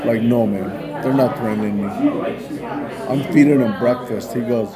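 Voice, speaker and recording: A man tells a long story in a relaxed, rambling way, dropping "man" and "like" into nearly every line. His voice sits at an ordinary middle pitch, and a lively crowd chatters clearly behind him. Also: measured pace, pauses often. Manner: loose, rambling retelling full of "man" and "like". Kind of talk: casual spoken story.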